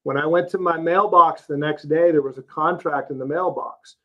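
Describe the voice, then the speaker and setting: A man's voice: fairly high pitch, fairly even intonation, normal speed. A man in his fifties from Texas, a roofing company CEO telling his career story as a guest in a casual interview, plain-spoken and folksy. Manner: plain-spoken, folksy, lots of "uh" and "you know". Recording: slightly dull, lo-fi podcast audio.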